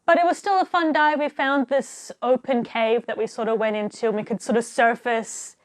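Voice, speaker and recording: A young woman telling a diving story in a casual, animated way, laughing often and acting out what people said. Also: on the high side, moderate pace. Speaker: diver telling stories.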